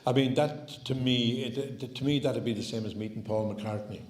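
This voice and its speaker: A man's voice: mid-range voice, normal speed, darkish tone. An Irish man as MC, chatting and asking questions in an onstage interview at a community hall. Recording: roomy hall livestream, faint noise.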